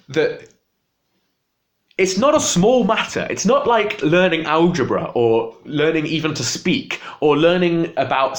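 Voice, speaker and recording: Agitated young man ranting. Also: medium pitch. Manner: agitated, exasperated, voice jumping up when upset. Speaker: vlogger. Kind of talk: impassioned political rant to camera.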